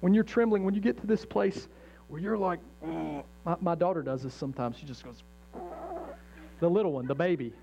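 Young male pastor, conversational and emphatic sermon delivery, mellow tone, faint hum behind. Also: high-pitched, brisk. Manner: conversational, self-correcting, emphatic preaching. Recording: dull lo-fi sound with faint mains hum.

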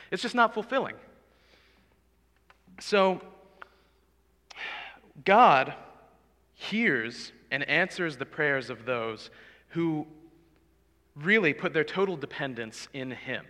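A young man preaches to his congregation, earnest and conversational, now and then asking them questions. His voice is bright and forceful. It rings out with a long reverb through the church. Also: fairly high pitch, lively intonation, takes it slowly, long pauses. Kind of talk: sermon. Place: church sanctuary.

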